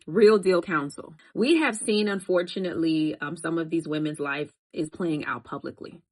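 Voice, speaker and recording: Speaking straight to camera about her faith, a preachy woman who creates Christian content keeps things conversational before building to emphatic exhortation. She has a deep voice and talks at a normal speed on a low-quality recording.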